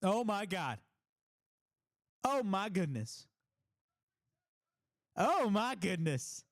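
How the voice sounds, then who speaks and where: A man hosting a live wrestling reaction stream, talking casually, swearing freely and bursting into exclamations and shouts. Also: sits high, very slow. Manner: excitable, blurts exclamations and shouts at big moments.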